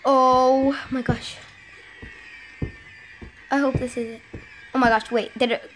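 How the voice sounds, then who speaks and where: A young girl giving excited commentary while playing a game at home, often repeating exclamations. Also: sits high, slow pace, a little hiss or hum. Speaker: gaming vlogger. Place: home with a sibling gaming nearby.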